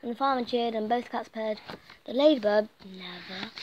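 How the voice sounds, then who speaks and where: A woman with a fairly high voice reads a children's picture book aloud. She is animated, slips into soft whispers and trips over words now and then. A faint hiss sits behind the recording. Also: normal speed, poor audio. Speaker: channel host reading a picture book aloud. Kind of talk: reading a children's story aloud, partly whispered.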